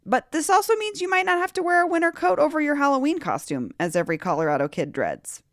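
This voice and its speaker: A woman hosting a local news podcast, with a bubbly, animated delivery. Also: high-pitched, quick pace, no echo, clean studio sound. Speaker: podcast host.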